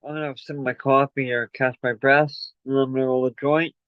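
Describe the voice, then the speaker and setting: A man's voice: medium pitch, flat delivery, a little fast, clean tone, no room sound. A man hosting a casual livestream, chatty and rambling, out of breath from running up and down stairs. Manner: rambling, chatty, plugging merch. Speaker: livestream host. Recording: dull lo-fi call audio.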